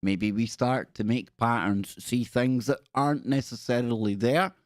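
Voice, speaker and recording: A man's voice: medium pitch, measured pace, dry recording, clean studio sound. A man hosting a casual livestream, reading viewer stories aloud with playful, rambling asides and jokey spooky voices. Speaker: livestream host.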